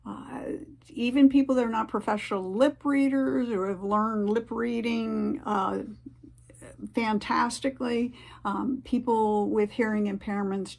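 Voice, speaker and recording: Woman doing a casual advice vlog, bit of vocal fry, keeps stopping and restarting, middling pitch. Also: a little mellow. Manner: halting, many fillers and restarts. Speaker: vlogger giving advice.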